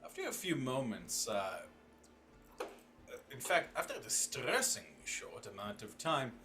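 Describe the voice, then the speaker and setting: A man narrating as game master for a tabletop game, halting with many fillers. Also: mid-range voice, big pitch swings, pushed and bright, faint music behind.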